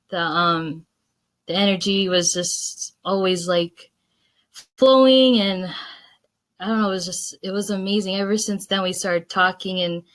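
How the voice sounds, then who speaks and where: A woman hosts a casual conversation over a video call. She tells her story in a chatty, enthusiastic way and laughs easily between thoughts. Her voice sits at a middle pitch. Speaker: host. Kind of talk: casual chat.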